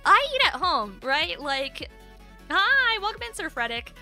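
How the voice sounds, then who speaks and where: A woman's voice: very high-pitched, big pitch swings, a little slow, bright, forceful tone, faint music behind. A woman livestreamer chatting casually with viewers, rambling with lots of "like" fillers. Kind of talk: casual chat.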